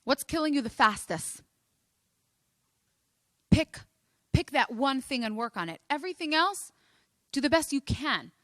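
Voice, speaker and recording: A woman coach giving a motivational lecture, telling stories and making points with animated emphasis. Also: high-pitched, a little slow, pauses often, no room sound, studio quality. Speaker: life coach and speaker.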